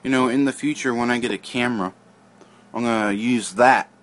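A man's voice: mid-range voice, brisk. Man with a groggy morning voice. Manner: rambling, offhand, frequent throat clearing. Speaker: vlogger. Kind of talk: casual vlog chat. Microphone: phone. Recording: hissy phone recording.

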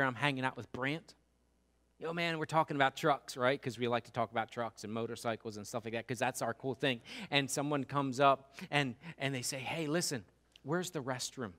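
Male pastor, casual sermon delivery, acts out quotes, punches repeated words loudly. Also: mid-range voice. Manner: conversational preaching with acted-out quotes and rising emphasis. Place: church sanctuary.

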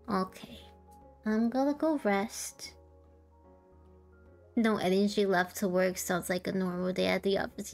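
Tired, slow-talking woman streamer. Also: mid-range voice. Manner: tired, soft-spoken, laughs often. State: tired, sore throat. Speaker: VTuber streamer. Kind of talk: casual chat to a live chat.

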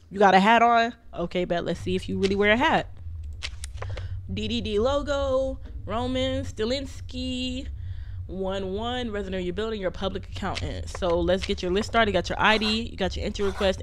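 A young woman streaming a game live, reacting loudly and profanely with casual commentary. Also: medium pitch, slight background noise.

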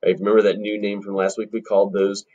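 A man talks fast in a warm, level tone while giving a recorded music lesson to kids, though the audio is dull. Patient in his explanations and encouraging in a friendly way, he sometimes sings brief phrases in a high register.

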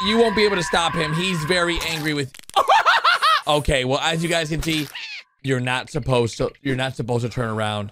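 A man hosting a gaming video, giving excitable commentary over animations and calling out to his viewers. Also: fairly high pitch, background noise. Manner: excitable, keeps gasping "oh no" and calling viewers "dudes".

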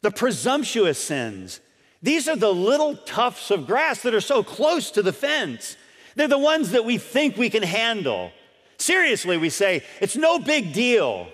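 A man's voice: high-pitched, sing-song, unhurried, a bit bright. A man pastor preaching a sermon earnestly, repeating key points and putting questions to his congregation. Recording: long reverb of a church hall.

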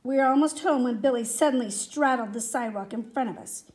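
A woman reading a children's story aloud in a steady, expressive way. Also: on the high side, a little fast. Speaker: reader.

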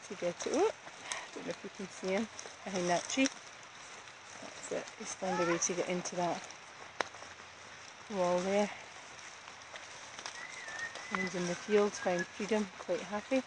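Walking dogs beside a river in the woods, a woman who runs a dog daycare films them on her handheld camera and chatters excitedly, cooing and calling to them throughout. Her voice sits on the low side, and the river recording outdoors is noisy.

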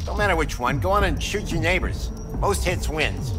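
An actor playing a gruff male shooting-range master who barks orders and rambles crudely with fillers, in video game dialogue. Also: a little high, animated, moderate pace, over music, natural voice. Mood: rambling.

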